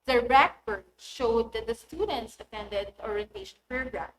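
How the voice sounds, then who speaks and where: A woman's voice: fairly high pitch, normal speed, slight background noise. A woman, a teacher giving a recorded classroom lesson and pronouncing example words one by one with careful stress. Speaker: English teacher. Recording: roomy echoey recording.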